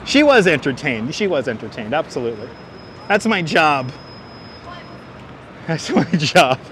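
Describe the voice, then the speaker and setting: A man's voice: fairly high pitch, sing-song, moderate pace. Joking man livestreaming on city streets. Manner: joking, sarcastic running commentary. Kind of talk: casual walking livestream. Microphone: wireless clip-on mic. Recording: outdoor traffic noise.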